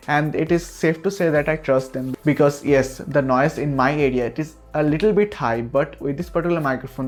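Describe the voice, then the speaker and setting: A man giving a product review of a microphone, talking earnestly and reassuring the listener again and again, recorded on a USB desk mic. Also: mid-range voice. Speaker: tech reviewer.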